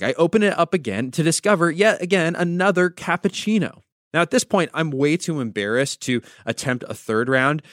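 A man's voice: mid-range voice, no echo, studio quality. A man from the United States, a pastor hosting a devotional podcast, teaching through conversational storytelling with wry asides.

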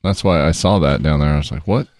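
A man's voice: a bass voice, fast, a little mellow, no room sound. A man co-hosting a podcast, laid-back and profane, chatting casually over drinks and laughing often. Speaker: podcast co-host.

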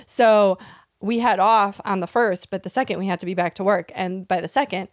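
A woman's voice: medium pitch, normal speed, dry recording. A woman in her thirties co-hosting a casual podcast with a mid-range voice. She is blunt and laughs often, swearing freely. The recording is close and dry. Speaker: podcast co-host. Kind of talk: casual chat, storytelling.

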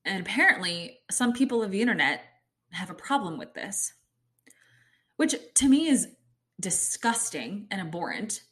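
Emphatic woman with a bright, lively voice. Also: medium pitch, moderate pace. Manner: exasperated, emphatic, laughing in disbelief. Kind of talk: casual opinion talk.

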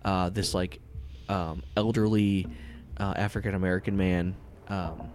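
Low-voiced man running a tabletop game. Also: fairly even intonation, unhurried, a little mellow, slight background noise. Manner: rambling, filler-heavy description. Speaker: game master.

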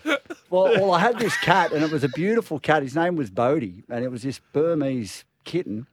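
A man's voice: a little high, lively intonation, moderate pace. A man with an Australian accent telling a rambling, laughing story in casual chat. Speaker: guest storyteller.

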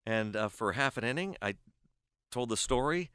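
A middle-aged man spins a baseball yarn on a podcast, slipping into the voices of the people he quotes. His voice sits at an ordinary pitch, and the recording is close and dry with no room sound. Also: moderate pace, smooth, no room sound. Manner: animated storyteller who acts out quoted dialogue. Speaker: guest, baseball play-by-play announcer. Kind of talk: casual podcast storytelling.

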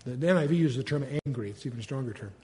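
An older man teaching the Bible in a relaxed, conversational way, reading verses aloud with rising force and then musing with fillers and asides. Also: mid-range voice, racing.

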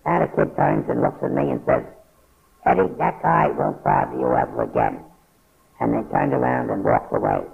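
A man's voice: medium pitch, huge pitch swings, normal speed, creaky. An older man from New York telling a blunt, profane story from his past in a casual, matter-of-fact way. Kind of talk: casual spoken memoir. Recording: phone-like narrow band.

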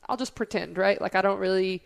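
A woman's voice: mid-range voice, fairly even intonation, fast talker, vocal fry, smooth. A woman co-hosting a podcast, speaking candidly in casual chat and telling stories with quoted asides.

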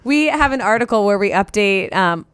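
A young woman co-hosts a casual podcast, chatty and playful, laughing as she goes. Her voice is smooth and clear. The sound is close and dry, with no room around it. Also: medium pitch, animated, moderate pace, no room sound. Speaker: podcast co-host. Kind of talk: casual chat recapping a reality dating show.

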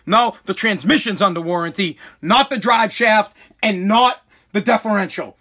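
A man's voice: very high-pitched, moderate pace, pushed and bright. A man who makes online content, ranting angrily to camera, repeating himself and swearing. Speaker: content creator. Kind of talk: angry rant to camera.

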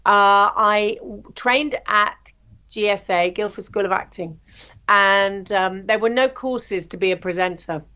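A woman, a TV presenter, telling her career story in a chatty, animated way with plenty of ums. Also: medium pitch, measured pace, smooth, lo-fi sound. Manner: chatty, animated anecdotes with frequent fillers. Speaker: guest, TV presenter. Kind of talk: interview storytelling.

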